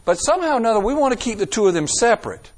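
A man in middle age with a drawl delivers a sermon in a voice pitched high for a man. He presses his points with dramatic shifts in volume and tempo. He often stops to put a rhetorical question to his listeners. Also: big pitch swings, rapid-fire. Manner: emphatic, dramatic swings in loudness and pace, rhetorical questions. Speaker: preacher.

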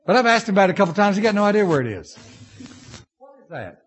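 A male pastor preaching a sermon, telling stories and swinging between loud bursts and low asides. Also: sing-song, rapid-fire, slightly rough.

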